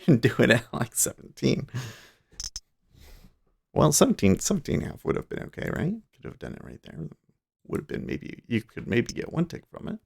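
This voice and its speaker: A man hosting a day trading livestream, casually thinking out loud in a relaxed, drowsy, rambling way. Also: on the low side, creaky. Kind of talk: casual live market commentary. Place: home trading desk with large screens.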